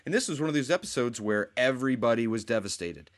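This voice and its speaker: A man's voice: medium pitch, animated, fast talker. A man co-hosting a casual chat, rambling as he retells scenes and quotes the characters. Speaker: podcast co-host.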